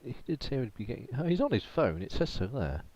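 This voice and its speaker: A man acting as game master of a tabletop game, chatting in a relaxed way and laughing often. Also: mid-range voice, quick pace, no room sound, highs cut off. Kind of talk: running a tabletop game over voice chat.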